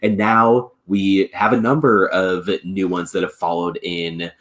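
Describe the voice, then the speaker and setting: A young adult man, a podcast guest, chatting in a relaxed, laid-back way with lots of filler words. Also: low voice, unhurried. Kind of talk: casual podcast chat.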